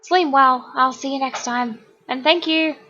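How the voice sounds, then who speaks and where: In a bright, forceful, high-pitched voice, a young Australian woman streams her art at an unhurried pace, casually chatting with live viewers, reading their comments aloud and laughing often. The highs are cut off.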